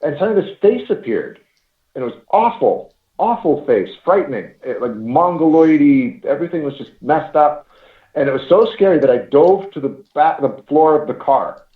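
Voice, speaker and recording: A man's voice: a little high, lively intonation, moderate pace. Man in his 40s from canada, rambling storyteller, roomy dull audio. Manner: rambling, swears casually, laughs often. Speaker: paranormal investigator guest. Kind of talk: casual storytelling chat.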